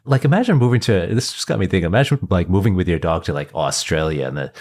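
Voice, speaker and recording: A male podcast host with a very low voice talks in a relaxed, conversational way. He affirms his guests often and thinks out loud with playful asides. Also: fast talker. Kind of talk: casual chat.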